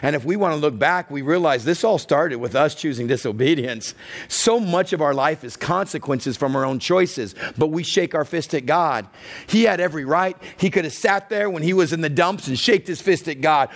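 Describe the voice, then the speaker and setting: Pastor, male, sermon delivery; animated storyteller, a touch high-pitched. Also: normal speed. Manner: animated storytelling, acts out voices, rising to near-shouts.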